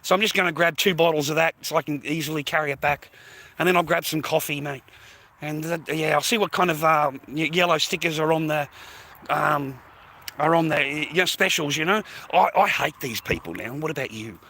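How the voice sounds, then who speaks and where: Holding his phone while walking outdoors along the streets, an Australian man chats on a live stream. He speaks a little fast in a high-ish, bright, forceful voice, rambling casually, dropping "mate" and "bro" throughout and swearing occasionally.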